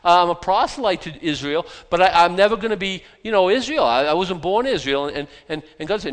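A man preaching in a casual Bible-teaching style. He is animated and joking, throwing out rhetorical questions and wry asides. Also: high voice, a little fast, few pauses.

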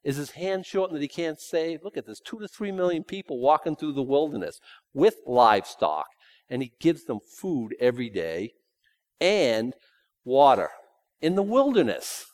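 A man preaching a sermon in a folksy, emphatic way, swinging between loud points and hushed asides. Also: a little high, sing-song, moderate pace, no room sound.

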